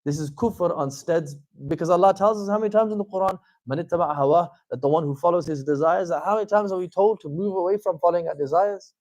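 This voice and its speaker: A man giving an informal religious lecture as a teacher, animated and conversational, with frequent fillers and wry asides. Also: high voice, quick pace, hardly any pauses, dry recording. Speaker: Islamic teacher giving a talk.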